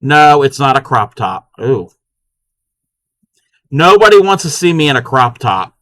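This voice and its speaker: Brief: male crochet streamer, chatty and bright-voiced, dry mic. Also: medium pitch, very animated, unhurried, no room sound. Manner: chatty, counts stitches under his breath. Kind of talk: casual live-stream chat while crocheting.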